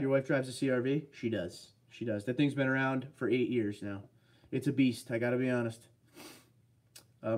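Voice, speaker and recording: A man's voice: mid-range voice, a little mellow. Chatty man hosting a livestream. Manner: chatty and rambling, answering viewer comments. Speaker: livestream host. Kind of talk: casual livestream chat reading comments.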